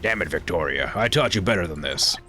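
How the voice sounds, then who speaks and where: A man's voice: low-pitched, animated, fairly quick, pushed and bright, faint music behind. A male streamer voicing a young royal heir who has been betrayed, reading her lines aloud in a raised voice. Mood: defiant. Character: young heir to a throne, defiant and angry.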